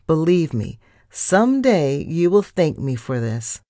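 A woman voicing an excitable, bossy young female mouse assistant in a storybook reading. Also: low voice, a little slow, dry recording, studio quality. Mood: pushy. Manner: bossy, gushing, shouting orders.

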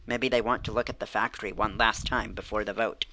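A man reading aloud, voicing a calm, kindly grandfather in a children's storybook. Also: lowish voice, a little fast, a little hiss or hum.

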